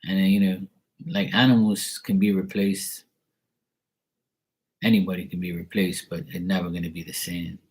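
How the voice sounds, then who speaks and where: A man's voice: low-pitched, flat delivery, moderate pace, pauses often, a little mellow, slightly rough. A man, a tarot reader, chatting casually and candidly with his live-stream viewers in a rambling, laid-back way.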